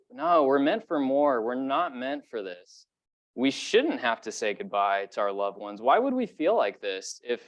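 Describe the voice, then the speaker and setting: A young adult man preaching a sermon in a casual, conversational way, full of fillers and rising when he stresses a point. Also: medium pitch. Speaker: pastor.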